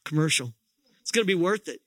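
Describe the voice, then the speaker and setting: A man's voice: a little high, expressive, fast, a bit bright, no room sound, clean studio sound. A middle-aged man preaching a sermon as pastor, telling a story in a folksy, joking way with many restarts.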